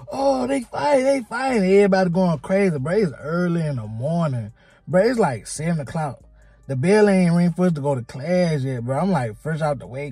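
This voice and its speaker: A man casually telling a personal story in a slangy, profane and animated way. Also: a little high, husky, no echo.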